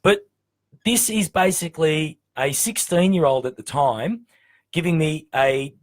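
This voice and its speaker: A man with an Australian accent hosting a casual music chat show, talking in a hesitant, halting way with many restarts. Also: a little high. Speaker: show host.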